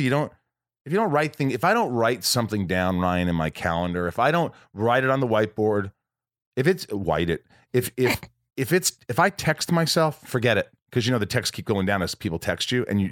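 A man's voice: lowish voice, no echo, clean studio sound. An American man hosting a podcast from a room at his home, talking casually and rambling with lots of fillers and restarts. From United States. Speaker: podcast host.

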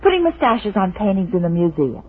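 A perky young secretary with a breathy voice and a bright, lively lilt, offering cheeky suggestions. The sound is tinny and phone-like, as on an old radio broadcast. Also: female voice, mid-range voice, fairly quick. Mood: playful. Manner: playfully helpful. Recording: tinny, distant 1940s radio recording.

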